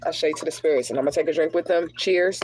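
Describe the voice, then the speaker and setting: Woman, spiritual card reader, relaxed streaming chat, direct address to viewers. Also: low voice, very fast, a little hiss or hum, poor audio. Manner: casual, chatty, talks straight to viewers as y'all; drops into prayerful invocation. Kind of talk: livestreamed tarot reading.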